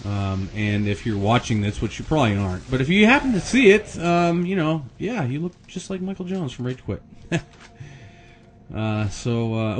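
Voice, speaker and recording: A man's voice: lowish voice, a little hiss or hum. Rambling, chatty male gameplay commentator. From Erie, Pennsylvania, US. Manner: rambling, chatty, frequent fillers and laughs, gets worked up and curses. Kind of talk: casual let's-play commentary.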